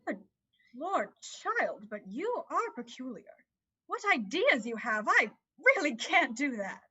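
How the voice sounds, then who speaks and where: A woman's voice: high voice, very animated, a little slow, bright, forceful tone, husky, heavily acted. A woman voicing a flustered, fussing mother in an amateur online play reading, evasive and bustling. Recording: dull lo-fi sound.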